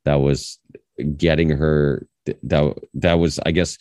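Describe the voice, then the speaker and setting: A podcast host with an extremely low, deep voice tells stories in a loose, rambling way, often restarting his sentences. He sounds close to the mic, with a dry, dead recording. He is a man in his thirties. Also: slow, smooth, dry recording. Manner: rambling, animated storytelling with many restarts. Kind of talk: casual conversation.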